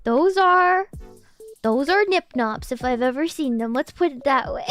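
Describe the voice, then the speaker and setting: A woman streamer rambling playfully in casual chat, giggly and animated. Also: high voice, measured pace, faint music behind. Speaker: VTuber streamer.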